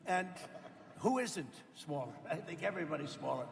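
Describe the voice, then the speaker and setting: Man in his 70s, off-the-cuff roundtable speech, boastful, repetitive, gravelly, long hall reverb. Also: on the high side, animated, normal speed. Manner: rambling, boastful, repetitive, with asides to the audience. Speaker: politician speaking at a roundtable. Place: event room with people around a table.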